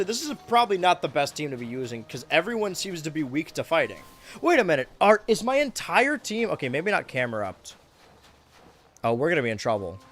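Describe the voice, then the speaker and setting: A young man casually commenting on his gameplay as a streamer, chatty and self-mocking, with sudden loud outbursts and a voice getting worn. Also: fairly high pitch.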